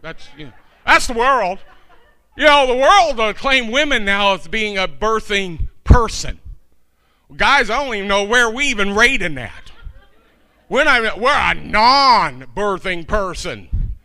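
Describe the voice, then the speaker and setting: A man's voice: high voice, sing-song, a little slow, sharp tone. A middle-aged man preaching a sermon, driving his points home with emphatic, repeated phrases.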